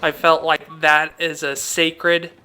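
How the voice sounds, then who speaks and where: A man's voice: on the high side, flat delivery, slow pace, bright, forceful tone, faint music behind. A young man hosting a gaming channel, chatting casually and heartfelt over gameplay, rambling with many fillers.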